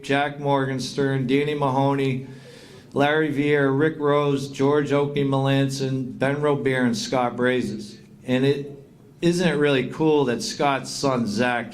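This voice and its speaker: A middle-aged man giving a heartfelt acceptance speech at a hall of fame induction, thanking people and reading out long lists of names. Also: medium pitch. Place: induction banquet.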